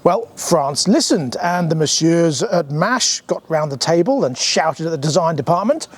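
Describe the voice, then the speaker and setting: A British man presenting a motorcycle review in a chatty, scripted walkthrough. His voice sits a touch high for a man, and he slips in dry asides and the odd um. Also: lively intonation, normal speed, few pauses. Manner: dry humour, chatty with filler ums. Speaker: motorcycle reviewer and channel host.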